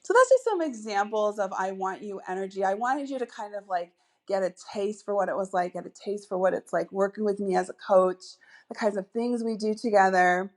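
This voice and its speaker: A woman's voice: mid-range voice, lively intonation, fairly quick. A woman hosting a solo podcast as a dating coach, chatty and upbeat, with many asides and fillers.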